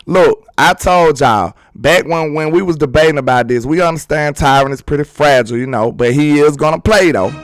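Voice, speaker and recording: A man hosting a sports livestream, chatting casually and excitedly while reading viewer comments. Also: a little high, moderate pace, hardly any pauses, no room sound, clean studio sound, faint music behind. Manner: excitable, talkative, teasing with chat.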